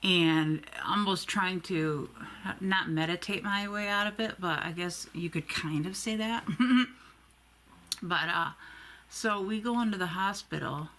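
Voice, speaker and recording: A woman's voice: fairly low pitch, measured pace, fairly bright tone. A woman in her forties telling a long rambling story while doing her makeup, chatty and swearing freely. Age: 40s. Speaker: beauty vlogger.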